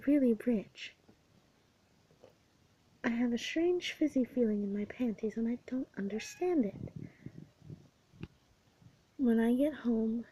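Husky woman narrating a comic story. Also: medium pitch, dark tone, poor audio. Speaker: audiobook reader. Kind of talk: first-person comic narration.

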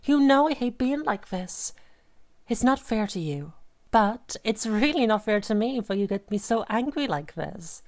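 A woman's voice: on the high side, lively intonation, unhurried, darkish tone. A woman playing a volatile, obsessive girlfriend. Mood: tender menace. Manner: swings between sweet cooing and sudden rage. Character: volatile, obsessive young woman who holds her partner captive. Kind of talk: audio role-play monologue.

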